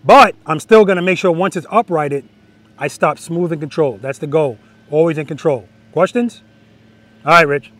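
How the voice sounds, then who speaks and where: A man teaching slow-speed motorcycle skills outdoors, coaching directly and repeating key words for emphasis. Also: a little high, fairly bright tone. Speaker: motorcycle riding instructor. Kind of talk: outdoor riding lesson instruction. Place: outdoor practice lot.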